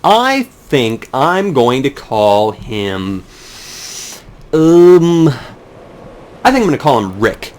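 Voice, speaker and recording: Young man, sarcastic game commentary, lively swinging pitch, swears often. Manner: rambling, sarcastic, swears a lot. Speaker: let's play commentator. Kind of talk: casual gameplay commentary.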